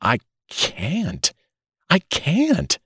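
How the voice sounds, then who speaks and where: A man's voice: fairly low pitch, very animated, slow pace, no echo, clean studio sound, pitched above the performer's own voice, heavily acted. A man voicing a frantic, flustered middle-aged father, speaking in a nervous, rattled way. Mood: despairing.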